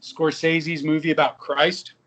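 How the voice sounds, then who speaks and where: A man in his fifties, an actor and musician, telling lively anecdotes with quoted dialogue in a casual interview. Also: a little high, measured pace, dull audio.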